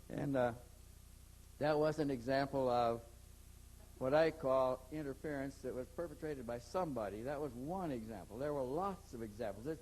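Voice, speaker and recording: A man's voice: a little high, a little mellow, a little hiss or hum, poor audio. An older man, an interview guest, telling a long story in a rambling way, repeating words and acting out the dialogue.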